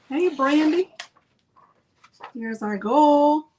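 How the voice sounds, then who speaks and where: A high-pitched woman runs a casual crafting livestream. She talks in a chatty, playful way and greets her viewers one by one. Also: lively intonation, a little slow, a little hiss or hum.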